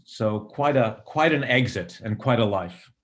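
A middle-aged man, a screenwriter, giving reflective interview answers in a thoughtful, digressive way with many pauses and ums. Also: medium pitch, lively intonation. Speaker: screenwriter and director.

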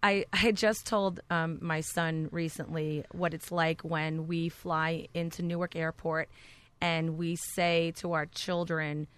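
A woman's voice: low voice, little pitch movement, slow, a bit bright, clear, resonant tone. Middle-aged woman with a Jersey accent. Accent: New Jersey. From New Jersey. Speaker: guest. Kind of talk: casual chat.

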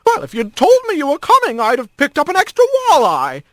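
A man's voice: wildly swooping pitch, a little fast, no echo, studio quality, heavily acted. A man voicing an older female hawk, a bossy, motherly figure who fusses over her son. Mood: fussing. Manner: high, fussing and insistent.

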